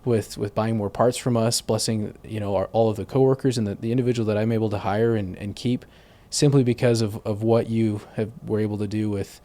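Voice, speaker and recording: A man's voice: fairly low pitch, steady tone, brisk, mellow. A man, a sales manager, talking as a guest in a conversation, earnestly explaining and praising a partner's work. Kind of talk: casual interview conversation.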